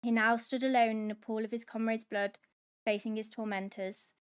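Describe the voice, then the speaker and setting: A woman hosting a book club, reading a novel aloud in steady dramatic narration. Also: on the high side, normal speed, clean tone.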